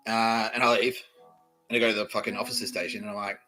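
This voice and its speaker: A man's voice: on the low side, little pitch movement, quick pace, sharp tone, faint music behind, low-quality recording. A man from Australia, hosting a podcast, telling a rambling story in a casual, profane way, laughing often and acting out the people he quotes. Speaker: podcast host.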